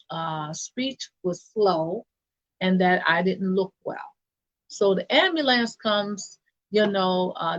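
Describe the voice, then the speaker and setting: A woman recounts a personal story in a slow, unhurried way, stopping often with "um" and restarting her sentences. Her voice sits in a middle register and comes through a slightly muffled, lo-fi recording. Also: mid-range voice. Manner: halting, with many fillers and restarts. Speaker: church deacon.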